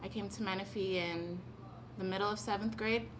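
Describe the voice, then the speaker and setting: A woman's voice: mid-range voice, fairly even intonation, normal speed. A teenage girl giving a rambling, giggly thank-you speech as an honored student at a school event. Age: late teens. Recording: noisy event recording.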